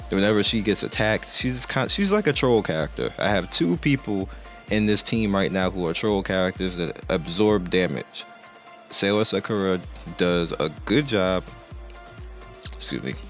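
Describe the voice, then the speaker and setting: A man's voice: low-pitched, a bit bright. A man giving casual, rambling gameplay commentary as a game reviewer, often correcting himself, with the hiccups. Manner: rambling, self-correcting, laid-back. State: has the hiccups.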